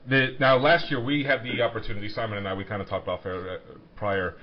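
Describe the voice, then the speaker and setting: A man's voice: mid-range voice, level tone, fast talker, crowd noise. A man hosting a podcast, asking eager questions and often repeating words as he gets going. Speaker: podcast host. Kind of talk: casual interview questions. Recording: dull lo-fi podcast audio.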